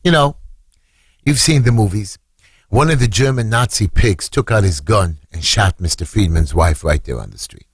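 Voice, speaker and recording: A middle-aged New man with a low, husky voice tells a family story with dramatic swings. His voice leaps high when he acts out the shouts in the story. The sound is dry and close, with no room echo. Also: animated, moderate pace. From Brooklyn, New York. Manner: dramatic retelling, voice leaping high when acting out screams. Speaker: council candidate. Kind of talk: emotional storytelling on radio.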